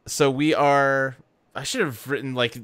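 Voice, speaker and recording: A man's voice: mid-range voice, steady tone, unhurried, a bit bright, clean tone. A man hosting a tabletop game podcast as game master, rambling and self-deprecating in casual banter.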